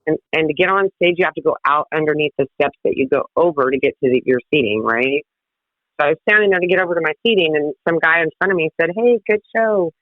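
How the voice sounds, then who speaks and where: Female guest, lively storyteller who laughs and curses freely, tinny phone-line audio. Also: low voice, quick pace, no echo. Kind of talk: casual storytelling.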